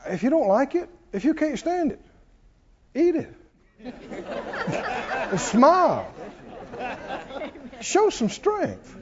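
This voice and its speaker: Animated, high-pitched preacher man. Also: very slow, long pauses, highs cut off, a faint crowd. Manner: animated, folksy, often laughing, acts out congregants in low mock voices. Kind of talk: sermon.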